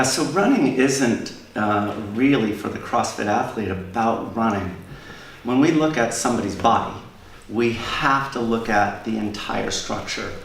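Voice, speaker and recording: A man, an endurance coach, explaining his training ideas in an interview in a measured way, often repeating a word as he starts a sentence. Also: lowish voice, distant mic. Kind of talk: interview answer. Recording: roomy sound from off-mic with faint noise.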